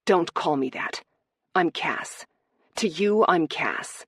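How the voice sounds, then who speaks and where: A woman's voice: fairly low pitch, lively intonation, slow, husky, no echo, studio quality, full character voice. A woman voicing a brooding noble lord, commanding and also tender toward the woman he speaks to.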